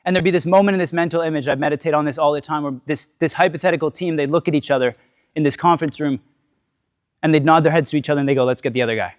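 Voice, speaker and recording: A man delivering a motivational talk to a live audience in a slightly high voice. He tells his story candidly, swears freely, and keeps checking in with the crowd with "right?" The sound is dry and close. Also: steady tone, rapid-fire, dry recording. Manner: storytelling, often tags lines with "right?". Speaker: speaker giving a talk.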